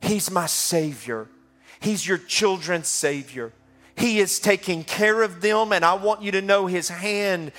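A man's voice: high-pitched, a little slow, a bit bright, faint music behind. A middle-aged man, a pastor preaching a passionate call-and-response sermon in a church. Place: church sanctuary.

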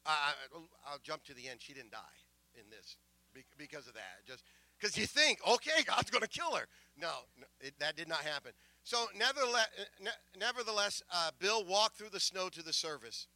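A middle-aged male pastor telling a story in a sermon, emotional, with many stammering restarts, swinging from soft asides to loud proclamations. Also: fairly high pitch, expressive, normal speed.

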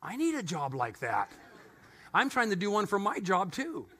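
Middle-aged male pastor, high and bright voice, animated storytelling sermon with playful asides. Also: moderate pace.

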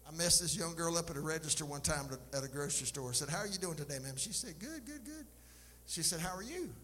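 Emphatic preacher in a reverberant church. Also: male voice, a little high, fast talker, a bit bright. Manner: emphatic, impassioned preaching with folksy asides. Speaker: pastor. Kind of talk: sermon. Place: church sanctuary. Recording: live church recording, long reverb, faint noise.

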